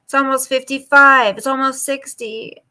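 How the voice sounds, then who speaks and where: A woman's voice: high-pitched, fairly even intonation, moderate pace, sharp tone. A woman in her fifties hosting a casual late-night live chat, reading viewer comments aloud and answering them. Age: 50s. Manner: coos baby talk to her dog.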